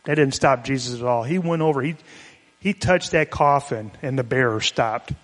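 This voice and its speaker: Male pastor, conversational sermon, mid-pitched voice, long reverb of a church hall. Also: moderate pace. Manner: conversational, explanatory, with restarts.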